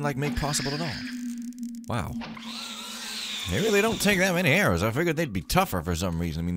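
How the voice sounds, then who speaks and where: A man with a somewhat low voice rambles through his gameplay commentary. He jokes and mutters to himself as he plays. A steady hiss of noise sits under the recording. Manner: rambling, joking, talks to himself. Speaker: let's play host. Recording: clear background noise.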